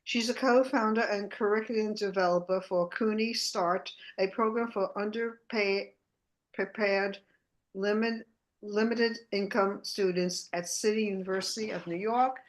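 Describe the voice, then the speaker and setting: A woman with an ordinary mid-range voice hosts a poetry reading on a video call. She introduces readers in a friendly, halting way, stumbling over titles now and then. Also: medium pitch, fairly even intonation. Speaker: open mic host.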